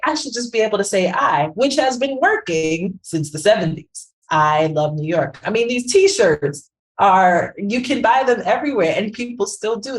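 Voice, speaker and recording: Animated woman podcast co-host. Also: mid-range voice, rough recording. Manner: animated, keeps asking "right?". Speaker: podcast co-host, branding professional. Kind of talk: casual conversational commentary.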